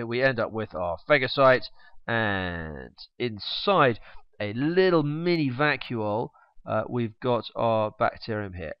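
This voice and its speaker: A man teaches biology while drawing, chatting along with joking asides and humming as he sketches. His voice is mid-range, and the recording is dry, dull, and slightly lo-fi.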